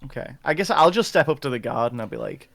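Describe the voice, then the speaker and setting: A man chatting as a player in a tabletop game, his voice gravelly with a lively, varied pitch. The sound is close and dry, with no room around him. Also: quick pace, no echo.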